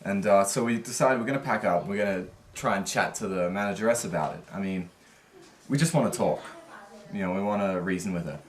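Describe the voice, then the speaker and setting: A man's voice: low voice, a little fast. A man casually recounting a travel mishap, acting out what people said. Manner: animated, acts out quotes. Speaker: travel vlogger. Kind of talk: casual storytelling. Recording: echoey with light noise.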